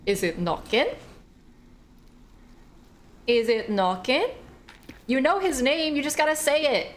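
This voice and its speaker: A woman's voice: a little high, expressive, measured pace, pauses often, fairly bright tone, a little hiss or hum. A woman streaming a horror game, chatting casually, joking and swearing freely as she plays. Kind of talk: casual gaming commentary.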